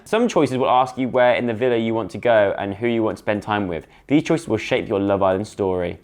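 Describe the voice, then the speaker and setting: A man's voice: a little fast, few pauses. A young man, reading a story game aloud and commenting, jumping into character voices. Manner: animated, voices each character with big pitch jumps. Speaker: gaming YouTuber.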